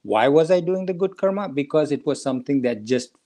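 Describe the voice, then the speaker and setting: A man in his seventies, a doctor hosting a talk show, telling an anecdote at an unhurried pace and asking himself rhetorical questions. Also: on the high side, expressive, mellow. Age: 70s. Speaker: podcast host, doctor. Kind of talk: storytelling talk.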